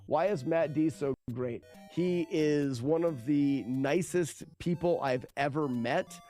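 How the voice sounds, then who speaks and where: A man's voice: on the high side, slow pace, mellow, faint music behind. A man streaming a game and commenting casually, rambling and self-mocking, often laughing and swearing. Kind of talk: casual live gameplay commentary.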